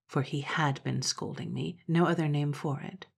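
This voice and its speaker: A woman narrating an old-fashioned story in a soft, hushed, often half-whispered voice. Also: deep voice, moderate pace, creaky, slightly rough.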